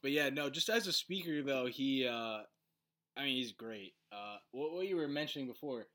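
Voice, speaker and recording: A man with a bright, clear voice at an ordinary pitch, co-hosting a casual podcast. He tells stories loosely, peppered with "uh" and "like". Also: normal speed. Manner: relaxed storytelling with frequent fillers. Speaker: podcast co-host. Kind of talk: casual conversation.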